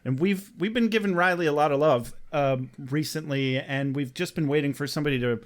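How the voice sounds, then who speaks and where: Man, podcast co-host, slightly raised pitch, casual joking. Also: a little fast. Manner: easygoing, joking, reassuring. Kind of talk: casual chat.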